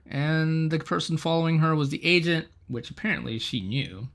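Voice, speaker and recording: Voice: medium pitch, moderate pace, vocal fry, few pauses, fairly bright tone. A podcast co-host casually recapping a TV episode, laughing often and swearing freely.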